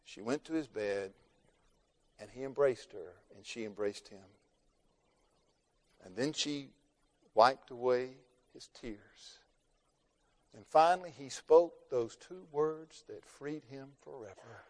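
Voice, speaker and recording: A man preaching a sermon through a story, rising to loud emphasis and dropping to hushed tones, slowing down on key words. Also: mid-range voice. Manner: dramatic, swings between loud emphasis and hushed near-whispers, slows for key words.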